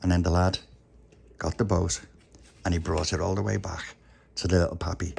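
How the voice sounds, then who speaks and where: A man's voice: low voice, flat delivery, normal speed, gravelly, pauses often, darkish tone, a little hiss or hum. A man narrating a homemade bedtime story in a homely, chatty way.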